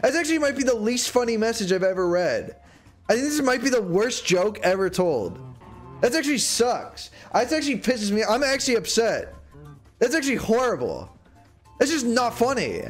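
A young man livestreaming a game, chatting to his viewers in a rambling way and bursting into mock-outraged shouts. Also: very high-pitched, big pitch swings, moderate pace, soft background music. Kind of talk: casual gaming livestream chat. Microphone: desk microphone.

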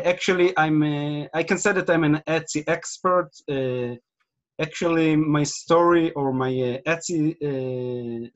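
A man from Israel with an Israeli accent, giving a webinar presentation with many fillers and restarts, speaking over a computer mic on a video call. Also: fairly high pitch. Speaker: guest presenter.

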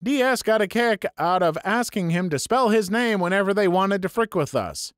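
A man reading online stories aloud for his channel, with lively, sarcastic asides. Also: sits high, moderate pace, few pauses, clear, resonant tone, no echo, clean studio sound. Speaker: story channel narrator.

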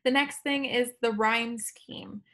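A woman teacher explaining poetry to her students in a relaxed, chatty way, correcting herself as she goes. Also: fairly high pitch, slow pace. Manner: chatty, self-correcting, laughs at own slips. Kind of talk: recorded classroom lesson.

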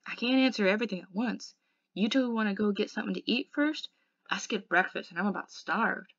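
A woman voicing a tough, gruff teenage greaser boy who talks in curt slang. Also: mid-range voice, fairly quick, a bit bright, dry recording, dull audio. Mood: blunt.

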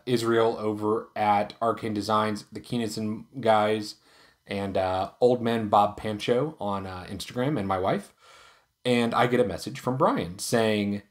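A man hosting a casual product review vlog, talking in a relaxed, chatty way with frequent ums and uhs. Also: lowish voice. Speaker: knife reviewer and channel host.

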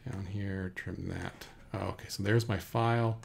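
A man with a gravelly, slightly low voice teaches a computer recording lesson. He talks through each step in a relaxed, unhurried way, with plenty of fillers. He speaks into a desk microphone in a room indoors. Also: slight background noise. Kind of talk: screen-recorded software tutorial. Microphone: USB desk microphone.

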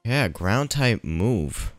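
Slow, low-voiced man joking through a game. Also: sing-song, no room sound, soft background music. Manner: joking, teasing the game's characters; thinking aloud while playing. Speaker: gameplayer narrating his playthrough. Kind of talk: casual let's-play commentary.

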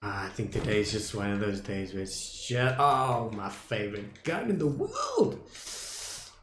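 A young South African man streaming a video game, talking casually to his viewers, muttering at times and loudly dismayed at others. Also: on the low side, huge pitch swings, measured pace, reverberant, a little hiss or hum. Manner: talks to viewers as "dudes" and "boys", swings from muttering to loud dismay. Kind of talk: casual live gameplay commentary.

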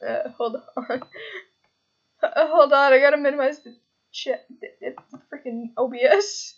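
A woman's voice: high voice, fairly even intonation, moderate pace, lo-fi sound. A woman streaming live in casual chat, goofy and giggly, dragging out a silly catchphrase.

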